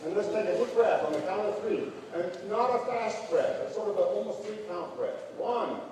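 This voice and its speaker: A man's voice: high-pitched, moderate pace, a little mellow, slight background noise. Older man teaching in an echoey hall. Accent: American. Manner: folksy, joking, coaching a group. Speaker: band clinician. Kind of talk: workshop lesson with a volunteer. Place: large hall. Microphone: camera far from the speaker. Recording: echoey hall recorded from far off.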